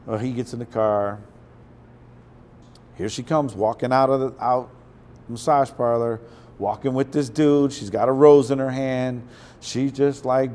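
A man guesting on an interview, telling casual stories with a profane, animated delivery that slips into acted quotes. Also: medium pitch, a little slow, long pauses, a little hiss or hum. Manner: profane, animated storyteller who acts out quotes.

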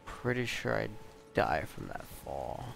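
A man giving casual, excitable let's-play commentary, swearing and exclaiming often. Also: on the low side, measured pace, gravelly, soft background music. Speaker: gamer.

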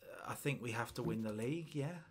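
Relaxed man in his twenties. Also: mid-range voice, fairly quick, slightly rough. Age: 20s. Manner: reads out in-game stats and odds, relaxed. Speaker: co-host of a video game series. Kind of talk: casual gaming chat.

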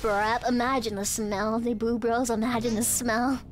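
A woman streamer giving excitable, giggly game commentary, often stammering and shouting. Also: fairly high pitch, normal speed, slight background noise. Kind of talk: game let's-play commentary. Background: game music.

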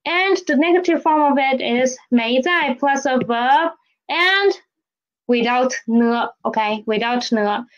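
A woman teaching a Mandarin lesson in English, explaining slowly and repeating key phrases with "okay?". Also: sits high, expressive, lo-fi sound. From Philippines. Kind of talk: language lesson.

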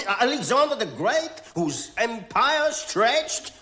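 A touchy little emperor, boastful, swooping wildly in pitch, film dialogue. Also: male voice, very animated, slow pace, pushed and bright, heavily acted. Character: short vain emperor with an inferiority complex.

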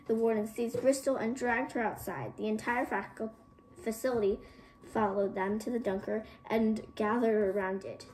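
A woman storyteller reading a novel aloud, expressive, with small slips and restarts. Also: medium pitch, slight background noise, rough recording.

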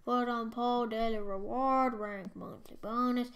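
Young female let's-play gamer, high voice, slow and unhurried between bursts of squealing excitement, noisy home mic with clicks. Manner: excitable, squeals and shouts at game events. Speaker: gaming YouTuber. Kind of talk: Minecraft let's play commentary.

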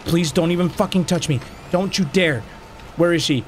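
A man doing excitable let's play commentary, swearing and shouting at the game as he plays. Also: on the high side, normal speed, a little hiss or hum. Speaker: gaming YouTuber.

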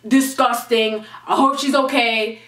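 A young woman vlogger telling a storytime in an animated, slangy way, swearing freely. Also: on the high side, a little slow. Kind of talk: storytime vlog. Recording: echoey room, mic at a distance.

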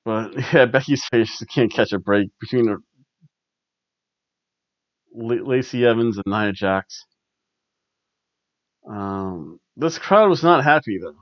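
A man's voice: fairly low pitch, slow pace, pauses often, no echo. A man hosting a casual wrestling review podcast, rambling wryly and chuckling often. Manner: rambling and wry, with frequent chuckles. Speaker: podcast host. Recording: dull lo-fi dry recording.

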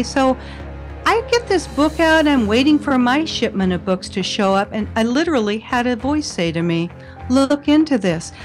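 A woman giving a casual monologue as a video blogger, telling her story in an insistent, conspiratorial way. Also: a little high.

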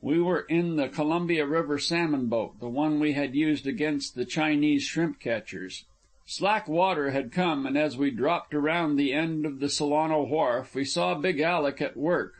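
Man reading an audiobook, higher voice. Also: measured pace. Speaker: audiobook narrator. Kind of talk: scripted narration.

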